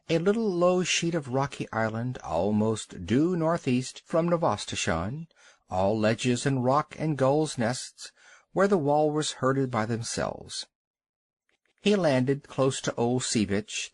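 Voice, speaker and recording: Man, children's storybook narration, dramatic, animated, dry close mic. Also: mid-range voice, no echo. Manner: expressive, dramatic reading. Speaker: audiobook narrator.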